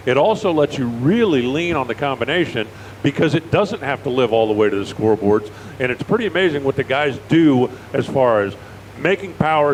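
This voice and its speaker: A man's voice: medium pitch, poor audio. A middle-aged American man doing chatty, folksy live drag racing commentary at an outdoor raceway. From United States. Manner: chatty, folksy, animated storyteller. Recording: faint outdoor engine noise.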